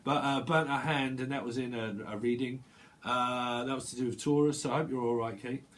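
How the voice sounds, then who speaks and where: Rambling, chatty tarot reader. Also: male voice, mid-range voice, steady tone, a little fast. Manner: rambling, chatty, many fillers and restarts; acts out little quoted voices, bursts of laughter. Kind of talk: casual livestream tarot reading.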